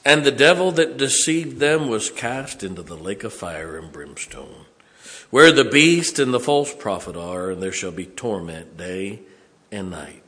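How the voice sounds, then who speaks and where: A man, preaching a sermon as a pastor, swinging from loud to hushed. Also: on the low side, expressive, a little slow.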